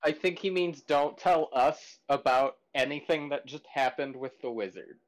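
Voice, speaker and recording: A man's voice: mid-range voice, moderate pace. Joking tabletop player man. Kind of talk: casual tabletop play.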